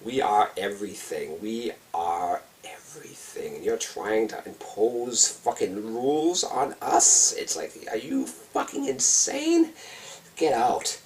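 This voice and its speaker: A man's voice: mid-range voice, very animated, takes it slowly, a little mellow, distant mic, slight background noise. A man voicing the mushroom spirits as all-knowing, scornful beings that swear and mock in disbelief. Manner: mocking, incredulous, profane.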